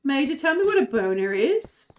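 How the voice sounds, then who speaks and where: A woman's voice: high-pitched, very animated, moderate pace. A woman streamer chatting casually while she plays a game, giggling and rambling. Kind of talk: casual gaming chat.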